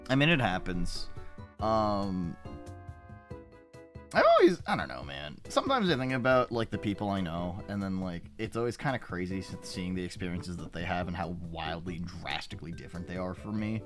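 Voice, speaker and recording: A man's voice: deep voice, sing-song, normal speed, soft background music. A man streaming and chatting casually with viewers, rambling with frequent restarts and plenty of swearing. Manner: rambling, profane, self-interrupting.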